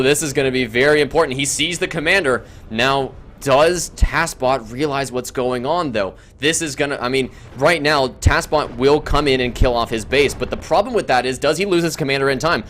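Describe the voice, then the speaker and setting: Excitable male game caster. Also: medium pitch, a little hiss or hum. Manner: excitable, shouts and laughs at big plays. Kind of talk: esports commentary.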